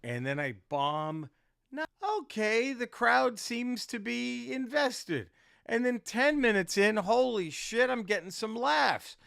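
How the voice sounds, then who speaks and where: A man's voice: very high voice, lively intonation, slow pace, vocal fry, fairly bright tone, smooth, dry recording, clean studio sound. A man, a comedian, telling a story casually in a rambling, profane way, with many restarts.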